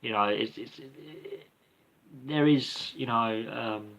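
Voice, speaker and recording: A man's voice: mid-range voice, unhurried, creaky, a bit bright. A man hosting a livestream Q&A, answering viewer questions off the cuff in a rambling, hesitant way with many ums and restarts. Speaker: livestream Q&A host.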